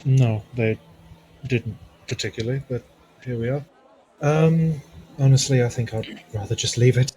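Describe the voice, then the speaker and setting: A man's voice: medium pitch, steady tone, normal speed, warm tone, a little hiss or hum, poor audio. A man chatting casually as a tabletop game player, a little hesitant and full of ums.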